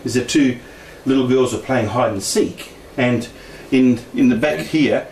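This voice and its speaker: A man's voice: mid-range voice, unhurried, a little mellow. A middle-aged man telling a personal story in a casual way, laughing often and acting out the voices he quotes. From Australia. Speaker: speaker sharing paranormal experiences. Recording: echoey room, distant mic, faint noise.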